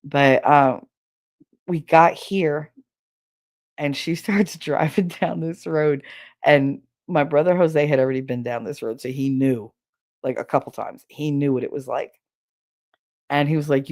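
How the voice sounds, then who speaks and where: A woman's voice: low-pitched, normal speed, darkish tone, dry recording, clean studio sound. A woman hosting a podcast, telling stories in a blunt, profane, casual way, laughing as she goes. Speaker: podcast host. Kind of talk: casual storytelling chat.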